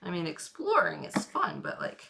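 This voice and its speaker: A woman's voice: on the low side, huge pitch swings, normal speed, vocal fry, pushed and bright. A woman streaming live while carving a pumpkin, chatting playfully and rambling to her viewers. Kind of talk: casual live-stream chat.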